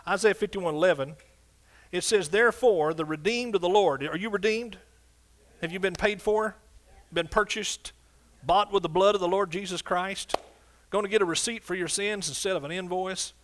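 An older man preaching a sermon in a church, exuberant and punctuated with hallelujahs and whoops. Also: high-pitched. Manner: sings scripture in a slow drawn-out way. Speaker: pastor. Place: church sanctuary.

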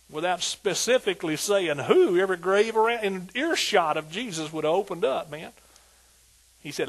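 High-voiced husky older preacher. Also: male voice, normal speed, low-quality recording. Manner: animated preaching, asks "are you with me?" repeatedly; colloquial, folksy storytelling. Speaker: pastor. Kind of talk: sermon.

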